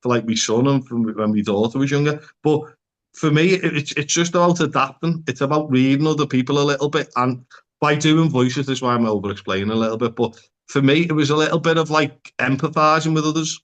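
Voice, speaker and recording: A plain-spoken man with a slightly raised pitch, chatting as a therapist guest on a podcast. He speaks frankly, swears freely and drops in local slang. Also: a little fast. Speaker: psychotherapist guest. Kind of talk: casual podcast conversation.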